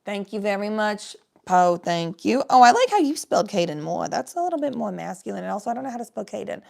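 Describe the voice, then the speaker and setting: A woman's voice: mid-range voice, very animated, fast, vocal fry, a little mellow. A woman voicing a silly psychic stoner woman in a put-on New Jersey accent, giving a brash, profane live-stream tarot reading.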